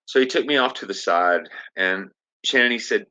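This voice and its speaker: A man who works as an actor, telling stories as a podcast guest in a casual, animated way and acting out the lines of the people he quotes. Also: lowish voice, normal speed, muffled recording. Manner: animated storyteller, acts out quoted dialogue. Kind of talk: casual storytelling interview.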